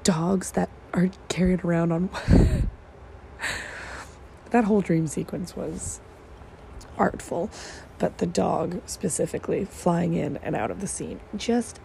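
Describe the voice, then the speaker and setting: A woman chats alone on her own podcast, rambling and self-mocking, full of quick asides. Her voice sits low and mellow with a gravelly edge. Faint noise hums under the recording. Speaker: podcast host. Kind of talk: casual solo podcast chat. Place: at home, part recorded in morning sun.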